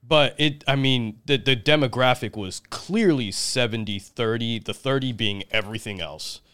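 A man's voice: mid-range voice, normal speed, a bit bright, clear, resonant tone. A man in his thirties telling long rambling stories on a casual podcast, swearing freely and laughing often. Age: 30s. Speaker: podcast co-host. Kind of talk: casual storytelling chat.

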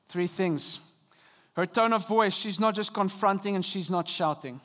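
Man, pastor, high voice, earnest sermon, dynamic delivery, soft drops and emphatic rises, stage mic. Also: measured pace. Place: church auditorium.

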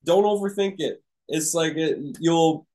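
A man's voice: on the high side, measured pace, warm tone, poor audio. A man hosting a podcast, giving casual, encouraging coaching talk to entrepreneurs, rambling with fillers and restarts. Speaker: podcast host and business coach. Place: room with a live audience.

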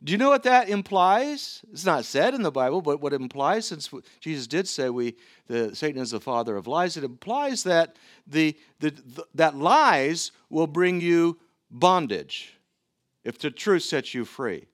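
A middle-aged man preaching a sermon to his church, earnest and given to halting restarts. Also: a little high, big pitch swings, dry recording, studio quality. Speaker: pastor.

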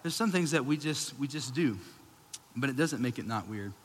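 In a church auditorium, a Texan pastor in his thirties gives a casual sermon full of jokes and self-deprecation. His husky, medium-pitched voice is expressive and moves at a normal speed, and the large hall adds long reverb.

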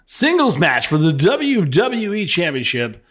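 Man, teasing podcast co-host, lively voice, audible noise behind. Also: high voice, unhurried. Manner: teasing, laughing. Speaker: podcast co-host reading results. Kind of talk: casual chat. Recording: noisy background.

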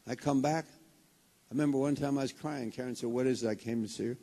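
A man preaching a sermon as pastor of a congregation, with a fervent, rising delivery. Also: on the high side. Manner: starts hushed and slow, builds to loud fervent preaching. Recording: long hall reverb.

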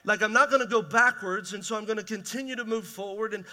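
A man's voice: high-pitched, fast, pushed and bright. A man preaching a conversational, emphatic sermon as pastor in a large church hall.

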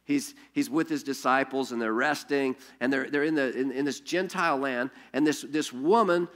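A man preaching a sermon as pastor, telling stories in an animated way with rhetorical questions and frequent restarts. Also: medium pitch, moderate pace.

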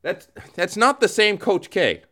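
A man hosting a comedic podcast, talking in an animated, jokey way. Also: high-pitched, unhurried. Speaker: host.

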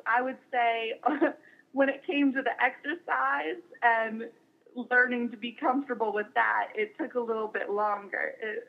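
A young woman being interviewed as a guest, speaking warmly and haltingly with many fillers and restarts. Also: a little high, creaky. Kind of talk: casual interview. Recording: dull lo-fi recording.

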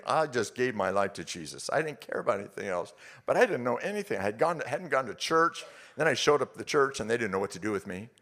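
An older man gives a sermon testimony as a pastor. He tells his story earnestly, and his voice sinks low and soft at the tender moments.

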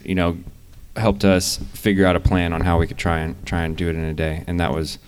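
A young man with a deep, smooth, clear voice tells his side of a story at a live interview. His manner is easygoing and relaxed. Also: fairly quick. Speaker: guest climber.

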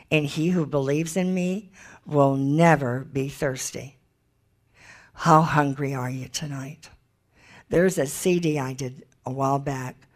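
A woman giving an informal Bible teaching, chatty and emphatic, thinking aloud as she looks up verses. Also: deep voice.

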